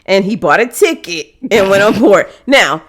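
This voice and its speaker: Animated woman podcast co-host. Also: mid-range voice, normal speed. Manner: animated, laughing storyteller. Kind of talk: casual chat.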